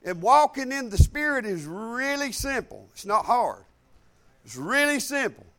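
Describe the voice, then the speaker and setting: A male pastor preaching a live sermon, rising loud and high on key points and dropping to quiet asides, with frequent repeated words. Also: very animated, measured pace.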